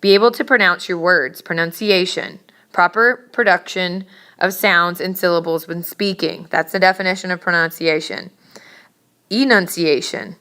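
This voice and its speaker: Female teacher lecturing a class, emphatic and a little scolding, slightly low and smooth. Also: steady tone, moderate pace, sharp tone. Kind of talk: classroom lecture on public speaking.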